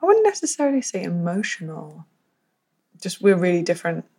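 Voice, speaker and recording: A young woman with a British accent talks casually in an interview, in a fairly low voice. She stops and restarts a lot, searching for words, and keeps a dry, wry edge throughout. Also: big pitch swings, fairly quick, warm tone, slightly rough. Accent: British English. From Britain. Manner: hesitant, many fillers and restarts, dry humor. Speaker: interview guest, photographer.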